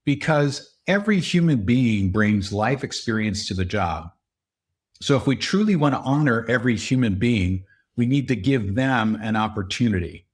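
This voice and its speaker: A middle-aged man speaking as a podcast guest at a mid pitch. He explains things at length in a conversational way. Now and then he jumps up in pitch to act out what other people say. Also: expressive, moderate pace, breathy edge. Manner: explanatory, acts out quoted dialogue with raised pitch. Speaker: podcast guest, leadership consultant. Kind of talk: conversational interview.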